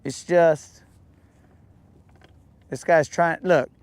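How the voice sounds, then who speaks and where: A man's voice: on the high side, fairly even intonation, drawn-out words, darkish tone, no room sound. A young adult man hosting a podcast, chatting casually and jokingly in heavy slang, calling everyone bro and dog. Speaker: podcast host. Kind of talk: casual chat.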